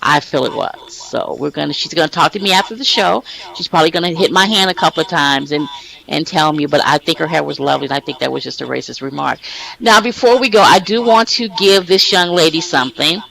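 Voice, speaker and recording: A man hosting a casual talk show with a raised, bright tone and a gravelly rasp running through it. He rambles warmly, repeats himself and restarts sentences as he speaks straight to his audience. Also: fairly high pitch, brisk, poor audio. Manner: rambling, heartfelt, frequent restarts. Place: online virtual-world voice chat.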